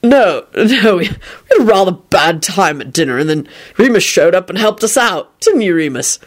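A woman's voice: on the low side, big pitch swings, normal speed. A woman doing a blithe self-righteous brawler man. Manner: casual and matter-of-fact. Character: blunt cheerful man, violent streak, self-righteous.

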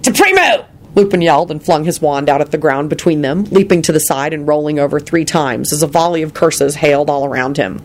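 Expressive storybook narrator, gravelly voice. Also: medium pitch, fairly quick, few pauses. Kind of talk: reading fan fiction aloud.

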